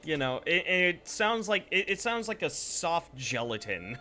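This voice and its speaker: A man's voice: on the high side, sing-song, a little slow, bright, forceful tone, soft background music. A young man giving rambling, casual live gameplay commentary, swearing freely and chatting with viewers. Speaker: Twitch streamer.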